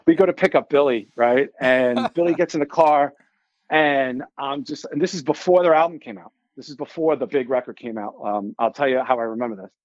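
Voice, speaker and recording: Brief: forties male guest, rambling animated storyteller, slightly muffled dry recording. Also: mid-range voice, a little fast, no room sound. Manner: animated, rambling, with many filler likes and restarts. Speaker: guest musician. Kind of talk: casual storytelling.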